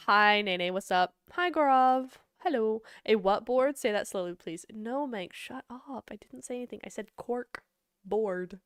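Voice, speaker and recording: A bubbly young woman chats with her stream audience, joking and laughing easily. Her voice is smooth and clear at a middle pitch. It is recorded dry and close on a streaming mic. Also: a little slow, no room sound. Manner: bubbly, chatty, laughs often, talks to chat. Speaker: esports caster and analyst streamer. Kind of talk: casual livestream Q&A chat.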